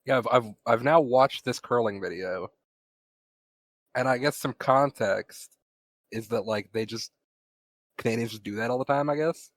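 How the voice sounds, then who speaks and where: A man's voice: medium pitch, moderate pace, long pauses, no echo. A man co-hosting a casual podcast, chiming in with hesitant, laid-back remarks. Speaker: podcast co-host. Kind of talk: casual chat.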